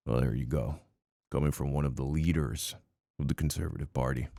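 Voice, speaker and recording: A man with an extremely low voice talks casually over news clips. He drops in short exclamations and comments, and his voice is recorded dry and close to the mic. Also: steady tone, creaky, a little mellow, no echo. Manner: reacts aloud, quick exclamations between clips. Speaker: reaction streamer.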